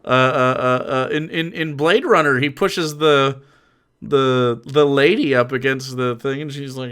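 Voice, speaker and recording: A man streaming, reacting to a clip with profane ranting commentary, laughing often and swinging from mumbles to shouts. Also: medium pitch, normal speed, clean tone.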